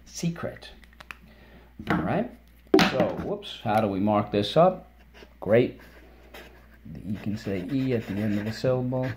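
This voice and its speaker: A man teaching a vocabulary and phonics lesson, patient and encouraging, having listeners repeat words and chanting syllables in a higher voice. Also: darkish tone.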